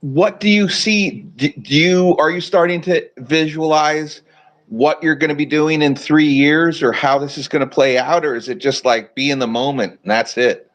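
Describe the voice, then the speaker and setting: Brief: man, podcast co-host, halting questioner, slightly higher voice. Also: steady tone, rough recording. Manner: apologetic, halting, asks questions. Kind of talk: casual podcast chat.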